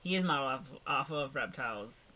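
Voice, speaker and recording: A woman co-hosting a podcast, casual and playful, quick to laugh and toss in jokes. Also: very deep voice, lively intonation, pushed and bright. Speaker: podcast co-host. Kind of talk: casual chat.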